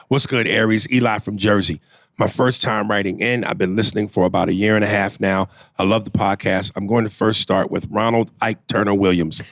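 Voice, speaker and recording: A man co-hosting a podcast reads listener emails aloud in a casual, profane, joking way, breaking into laughter. His voice is on the low side, with no room sound.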